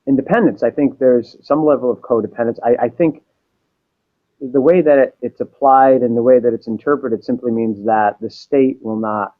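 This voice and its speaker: A man from Massachusetts answering interview questions in a measured, explanatory way. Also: medium pitch. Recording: dull, lo-fi sound.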